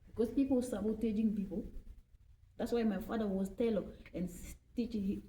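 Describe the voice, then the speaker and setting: A woman's voice: mid-range voice, fairly even intonation, normal speed, mellow, a little hiss or hum. A woman in her forties from Mali, speaking. She talks casually to the camera, repeating her points for emphasis and often checking in with "okay?". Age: 40s. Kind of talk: casual personal talk to camera.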